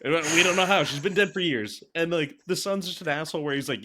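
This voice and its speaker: A man with a fairly high voice co-hosts a casual movie-review chat, piling on sarcastic, rambling mockery full of "like"s. His delivery is loose and conversational. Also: fast talker, bright, forceful tone. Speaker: podcast co-host.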